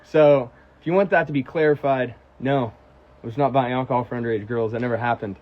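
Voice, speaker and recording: A young American man on a casual livestream, reading out fan questions and telling stories in a profane, animated way. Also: medium pitch, fast, dull audio. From United States. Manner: profane, animated storytelling, answering chat questions. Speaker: musician on a livestream.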